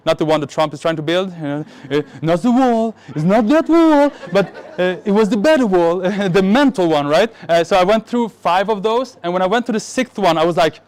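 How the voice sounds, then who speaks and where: With a smooth, slightly high voice, a Middle Eastern man speaking at a marketing event tells the audience a story from his own life. He's animated and jokes about himself, frequently starting sentences over.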